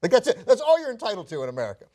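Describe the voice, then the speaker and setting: Male co-host, slightly high voice that swings widely, rambling opinionated riffs. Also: very fast. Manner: rambling, animated, self-interrupting. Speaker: news show co-host. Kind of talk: casual news commentary.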